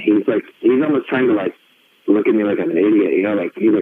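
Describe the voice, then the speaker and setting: A man telling a story as a guest in a casual interview, animated and full of fillers, acting out what others said. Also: sits low, brisk. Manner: animated, quotes others in acted voices, many fillers. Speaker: guest wrestler. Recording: tinny phone-line sound with faint noise.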